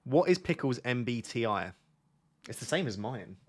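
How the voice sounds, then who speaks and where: A man's voice: medium pitch, big pitch swings, moderate pace. A young man hosting a livestream in casual chat, laid-back and joking, rambling with lots of fillers. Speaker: livestream host. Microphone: on a mic near the camera.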